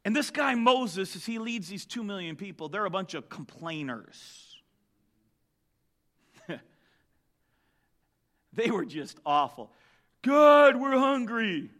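A man preaching a sermon, telling the story with lively jokes and asides. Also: high-pitched, slow, long pauses. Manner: animated storytelling, joking asides.

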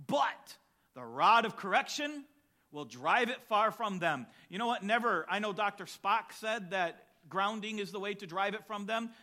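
A pastor preaching with a fiery, emphatic delivery. His voice is high and sharply bright, swinging widely in pitch as he builds to shouts on key lines. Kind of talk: sermon.

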